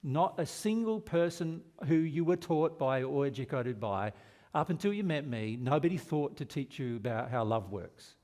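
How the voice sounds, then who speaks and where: A man's voice: medium pitch, lively intonation, moderate pace, few pauses, darkish tone. Man teaching a seminar audience. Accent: Australian. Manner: earnest, rhetorical questions to the audience. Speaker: spiritual teacher.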